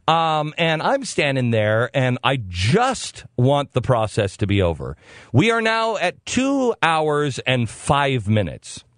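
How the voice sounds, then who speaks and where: A man's voice: mid-range voice, sing-song, slow pace, a bit bright, no echo. A man hosting a talk show, telling a comic story in a sarcastic, exasperated way. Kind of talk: comedic storytelling monologue.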